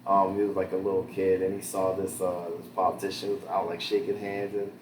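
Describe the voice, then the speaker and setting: A man's voice: deep voice, monotone, a little fast, noisy background. A young man talking casually as a podcast host, rambling with lots of fillers and the odd curse word. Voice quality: rambling, full of fillers and swearing. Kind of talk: casual chat.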